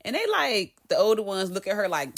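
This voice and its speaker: A woman giving a casual commentary recap of a TV episode, telling the story lively, laughing and acting out the characters' lines. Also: medium pitch, fairly quick. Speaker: TV show commentator.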